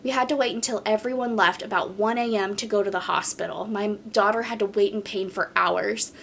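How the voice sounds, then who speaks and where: A woman's voice: medium pitch, steady tone, brisk, vocal fry, a bit bright, a little hiss or hum. A woman hosting a podcast in casual chat, reading posts aloud and reacting bluntly.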